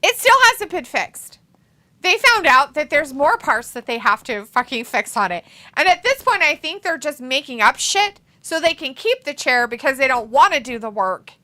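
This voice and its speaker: A woman hosting a livestream in casual chat, animated and cursing freely, often laughing. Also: sits high, normal speed. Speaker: stream host.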